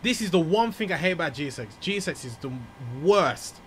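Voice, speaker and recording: A young British man from the UK, an excitable, jokey flight sim streamer mixing casual commentary with formal radio calls. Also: fairly high pitch, a little fast, slight background noise. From United Kingdom. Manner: excitable, jokey, laughs often.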